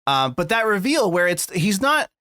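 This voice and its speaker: A man's voice: sits high, big pitch swings, normal speed, pushed and bright, no echo, studio quality. A man co-hosting a podcast, chatting casually and rambling, swearing now and then. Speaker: podcast co-host. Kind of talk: casual chat.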